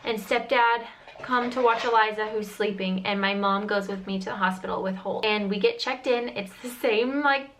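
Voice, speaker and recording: A woman's voice: medium pitch, fairly even intonation, moderate pace, fairly bright tone, poor audio. Earnest young woman vlogger retelling a story. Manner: earnest, emotional retelling with frequent "like" fillers. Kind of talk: chatty personal storytelling.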